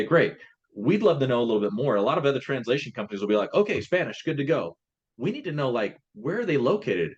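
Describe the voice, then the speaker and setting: A man's voice: mid-range voice, muffled recording. A man in a casual business chat, explaining his translation company's process step by step and often restarting his phrases.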